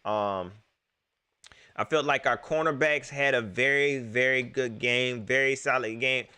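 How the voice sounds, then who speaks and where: A man's voice: mid-range voice, a little slow, clean tone. A young man hosting a live post-game stream, talking casually to his viewers and laughing often. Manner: animated, laughs often, talks straight to the chat. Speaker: live-stream sports show host.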